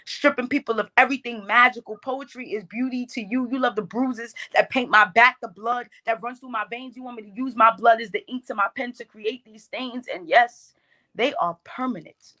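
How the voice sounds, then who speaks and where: A woman's voice: fairly high pitch, moderate pace, pushed and bright. A woman performing her own spoken word poem, with a rhythmic, emphatic delivery. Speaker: poet.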